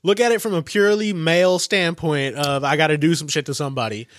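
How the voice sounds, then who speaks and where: Animated co-host, a man, profane, dry close mic. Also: a little high, fast, no echo. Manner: profane, emphatic, animated storyteller. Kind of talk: casual chat.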